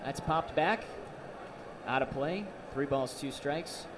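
A man calling minor league baseball play-by-play on radio, excitable on big plays and joking with his partner. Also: mid-range voice, slow, distant mic, noisy background. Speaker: play-by-play announcer.

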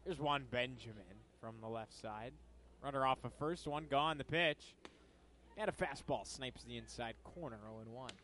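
A young man from upstate New York calling baseball play-by-play from a ballpark broadcast booth, lifting his voice on each pitch and chatting between plays. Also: moderate pace, a bit bright. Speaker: play-by-play announcer.

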